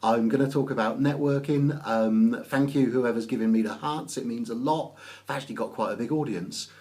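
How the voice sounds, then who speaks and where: A man from Oxfordshire with an English accent, chatting casually on a live stream, greeting viewers by name and pausing often with ums. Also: medium pitch, darkish tone. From England. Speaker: business networking author.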